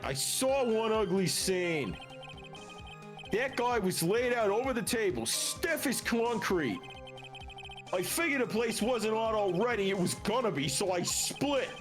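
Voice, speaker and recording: Guy putting on a gruff jersey mob-type witness, thick accent, swings all over, game music under it. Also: high-pitched, pitched above the performer's own voice. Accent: thick put-on New Jersey. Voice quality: gruff, aggressive, tough-guy drawl. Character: gruff male mob-style witness, gravelly, pushy.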